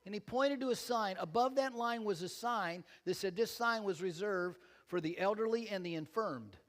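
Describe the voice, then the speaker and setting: Older male pastor, slightly high voice, humorous self-mocking sermon delivery to a church. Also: moderate pace, fairly bright tone, long reverb tail. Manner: joking, self-deprecating storyteller.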